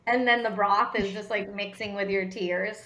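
Bright-voiced woman in offhand chat. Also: mid-range voice, fairly even intonation, moderate pace, slight background noise. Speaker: podcast guest. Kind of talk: casual chat.

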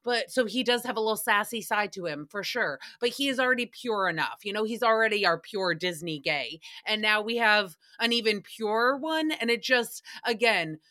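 Bright-voiced chatty woman. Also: medium pitch, lively intonation, moderate pace, hardly any pauses. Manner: chatty, tangent-prone, profane. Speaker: podcast host. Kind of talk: casual recap chat.

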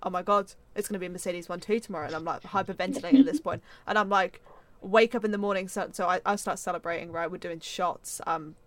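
A young woman from England co-hosting a casual podcast chat, telling an excitable story, swearing freely and acting out her own reactions. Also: lowish voice, quick pace, hardly any pauses. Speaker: podcast co-host.

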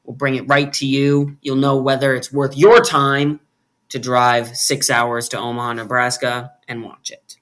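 A man's voice: medium pitch, flat delivery, measured pace, fairly bright tone. A man co-hosting a film podcast in casual chat, playful and joking with frequent laughter. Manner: playful, jokey, laughs often. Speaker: podcast co-host.

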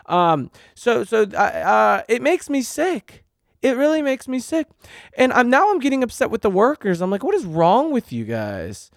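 A man's voice: extremely high pitch, animated, normal speed, gravelly, no echo, clean studio sound. A man hosting a podcast, ranting in an agitated, profane monologue. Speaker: podcast host.

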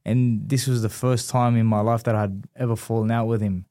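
A man from Australia, a guest on an interview show, telling a long personal story at an ordinary, middle pitch. He is animated and lively, slipping into the voices of the people he quotes. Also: a little fast. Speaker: guest, former boxing champion.

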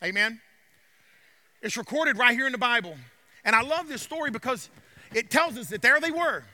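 Male pastor, sharp high voice, preaching that swells to shouts. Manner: preaching, building to loud cries. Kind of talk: sermon. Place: church sanctuary.

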